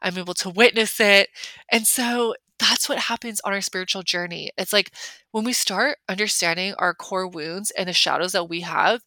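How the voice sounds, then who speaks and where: A woman's voice: mid-range voice, normal speed, sharp tone, no room sound. A young adult woman hosting a solo podcast, talking in a chatty, emphatic way, full of "like". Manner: chatty, filler-heavy, emphatic with lots of "like". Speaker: podcast host. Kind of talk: casual solo podcast talk.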